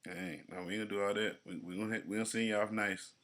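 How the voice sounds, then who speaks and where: Man co-host, AAVE, bright tone, loose profane banter. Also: fairly low pitch, fast. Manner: profane, animated, jokey storytelling. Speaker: podcast co-host. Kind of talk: casual chat.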